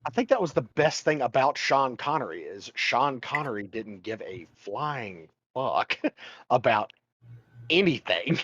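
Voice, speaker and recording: A man co-hosting a casual gaming podcast, making slow, emphatic quips. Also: medium pitch, expressive, fairly bright tone, slightly rough, no echo, lo-fi sound. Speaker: podcast co-host. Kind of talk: casual chat.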